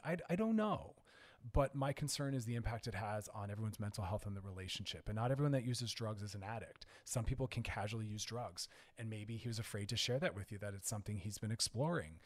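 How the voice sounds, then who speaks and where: Guy doing a radio advice show, direct and earnest, lots of like and i dont know, middle pitched voice. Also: fast talker, darkish tone. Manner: direct, earnest, coaching listeners with firm hard lines; conversational with frequent "like" and "I don't know". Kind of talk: frank advice talk on air.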